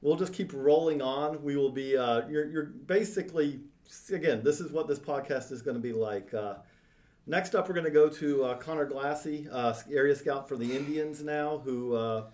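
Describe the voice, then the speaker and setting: A man's voice: fairly high pitch, normal speed, a little mellow. A man hosting a podcast, talking in an easygoing, joking way with fillers. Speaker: podcast host. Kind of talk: casual podcast chat.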